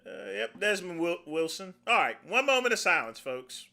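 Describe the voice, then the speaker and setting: A middle-aged man runs a casual livestream in a high, sharp voice with some vocal fry, speaking at a normal speed but very animated. He rambles folksily and refers to his viewers as "folks."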